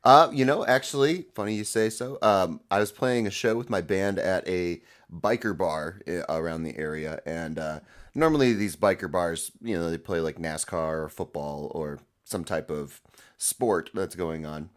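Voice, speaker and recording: A man with a somewhat low voice, co-hosting an easygoing sports podcast. He rambles and hesitates as he recaps games and weekend stories, keeping a relaxed, chatty tone. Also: normal speed. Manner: rambling, many fillers. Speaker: podcast co-host. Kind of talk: casual sports chat.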